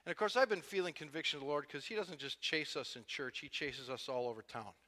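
A man preaching a sermon, telling his own testimony, dropping quiet then building to loud, impassioned peaks. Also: on the high side, fast talker, big-room sound. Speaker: pastor.

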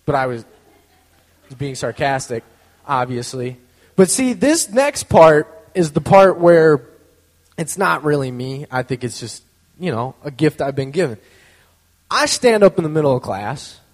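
In a large hall, a man tells a personal story casually and conversationally, full of fillers and acted-out voices for the people he quotes. His voice is a little high and very animated, at a measured pace.

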